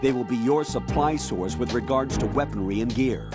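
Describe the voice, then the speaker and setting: A man voicing a stern older military colonel, giving measured, authoritative mission briefings in a video game. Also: mid-range voice, natural voice. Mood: calm, commanding. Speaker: mission commander on radio. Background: game music.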